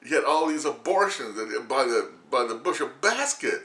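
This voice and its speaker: A man's voice: medium pitch, expressive, moderate pace, sharp tone, reverberant. Rambling, laughing man in his sixties. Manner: rambling, crude, laughs often. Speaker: vlogger. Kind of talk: casual rant to camera.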